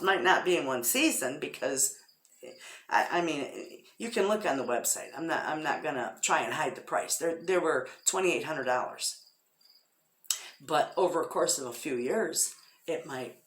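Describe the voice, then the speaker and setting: A middle-aged woman with a Midwestern American accent, chatting casually to her vlog audience and retelling conversations in lively quoted voices. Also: low-pitched. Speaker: homestead vlogger. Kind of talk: casual chat to camera. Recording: echoey room.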